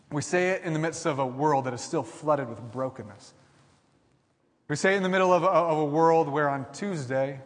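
A man pastor preaching a sermon, building with repeated declarations and frequent restarts. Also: on the high side. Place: large church hall. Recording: long hall reverb.

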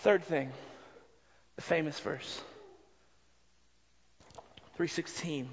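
A man's voice: fairly high pitch, unhurried, long pauses. A man preaching a sermon as pastor, earnest and repeating words as he builds each point. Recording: dull sound with long reverb in a hall.

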